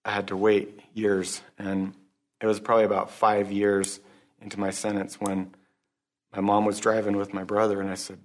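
Man, low voice, monotone, halting, earnest testimony, recovery meeting. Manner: halting, earnest, restarts often; religious, closes in prayer. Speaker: speaker sharing at a recovery meeting. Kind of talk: personal testimony.

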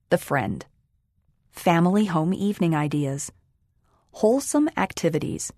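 A woman reads a children's magazine aloud in a calm, even way. Her voice sits fairly low for a woman. The recording is dry and close. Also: no echo. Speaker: magazine reader. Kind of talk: scripted audio magazine reading.

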